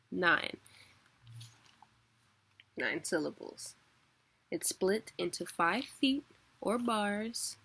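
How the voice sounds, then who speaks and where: A young woman teaching a weekly online class in a relaxed, chatty way, laughing often. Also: medium pitch, drawn-out words, vocal fry, pauses often, breathy edge. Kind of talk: casual spoken lesson.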